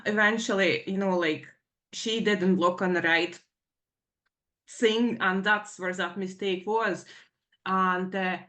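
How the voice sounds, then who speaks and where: A middle-aged woman giving a personal account in a Q&A session, talking in a halting, rambling way full of fillers and nervous emotion. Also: medium pitch, fairly even intonation, fairly bright tone. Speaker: participant in a Q&A session.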